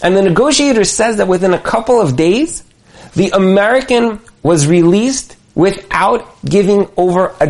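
A man giving a motivational talk on marriage, telling stories animatedly and repeating phrases for emphasis. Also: high-pitched. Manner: animated storyteller, acts out quotes. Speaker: speaker on marriage.

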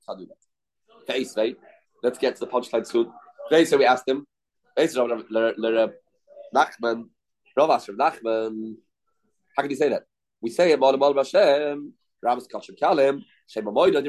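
A man's voice: mid-range voice, moderate pace, pauses often, darkish tone, rough recording. A man teaching a daily Talmud class. He explains in short, repeated phrases and asks rhetorical questions.

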